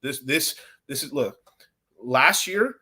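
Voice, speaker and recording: A man's voice: mid-range voice, lively intonation, takes it slowly, sharp tone, husky. Profane, exasperated male crypto streamer. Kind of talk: livestream rant to chat.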